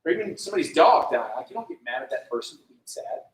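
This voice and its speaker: A man's voice: medium pitch, sing-song, fast. A man giving a casual youth sermon, full of "like", asking the room questions and acting out prayers in little voices. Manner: conversational, lots of "like", acts out prayers in voices. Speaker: youth pastor. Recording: echoey room from far off.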